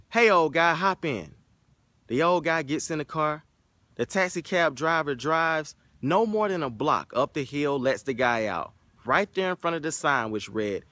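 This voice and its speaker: A man's voice: mid-range voice, a bit bright, dry recording. A man giving an emphatic motivational talk that opens with a told story. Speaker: motivational speaker.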